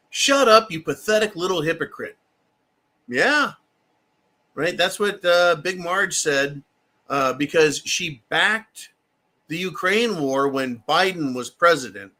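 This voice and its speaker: American male commentator, fairly high voice, mocking and profane, delivers solo political rants. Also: pushed and bright.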